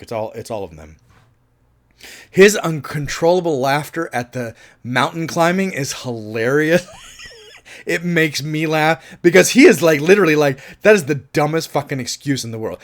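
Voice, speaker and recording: A man reviewing a film in a casual monologue. He is enthusiastic, laughs often and swears freely. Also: mid-range voice.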